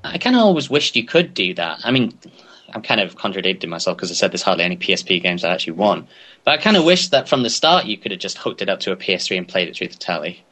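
A man's voice: low-pitched, very animated, fast talker, bright, forceful tone. A man co-hosting a casual gaming podcast, dropping wry jokes and asides. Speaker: podcast co-host. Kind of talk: casual chat.

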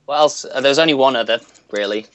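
A man's voice: medium pitch, fast talker, a bit bright, no room sound. A young man chatting casually about video games, rambling and laughing often as he searches for words. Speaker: podcast co-host.

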